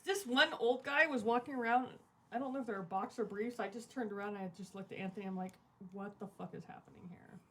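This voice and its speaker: Woman co-host, casual banter, animated storyteller who laughs a lot. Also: fairly high pitch, fast talker. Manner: animated, laughing, talks over others.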